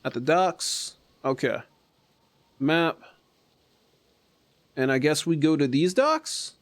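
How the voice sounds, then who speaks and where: A man streaming a game, chatting casually and flipping between low mutters and gleeful outbursts. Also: takes it slowly. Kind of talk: casual gameplay commentary.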